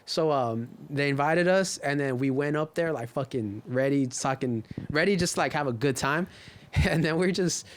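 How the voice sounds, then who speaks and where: A man's voice: on the high side, normal speed, a little hiss or hum. A man from the Inland Empire in California, a podcast guest telling stories loosely in casual chat, full of slang and swearing.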